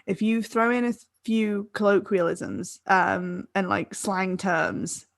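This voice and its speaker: A woman's voice: medium pitch, expressive, takes it slowly, vocal fry, no room sound. Giggly rambling young woman. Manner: rambling, laughing mid-sentence. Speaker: podcast co-host. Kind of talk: casual tipsy chat.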